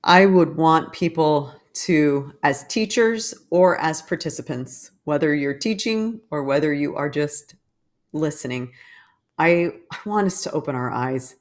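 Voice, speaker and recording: A woman with a notably low voice co-hosts a podcast in casual chat. She sounds eager and conversational, jumping in warmly as she talks things through. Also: unhurried. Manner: enthusiastic, conversational. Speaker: podcast co-host.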